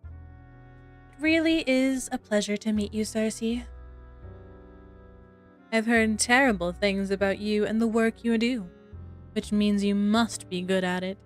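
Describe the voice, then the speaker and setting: A woman voicing a tall, elegant female witch who speaks in a calm, commanding way, slow and measured. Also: mid-range voice, faint music behind, natural voice. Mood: poised.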